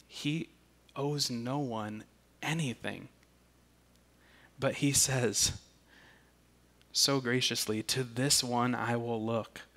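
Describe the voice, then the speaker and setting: Slow, deliberate male preacher. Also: medium pitch, fairly bright tone. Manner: slow and deliberate, with emphatic restarts. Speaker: pastor. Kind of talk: sermon.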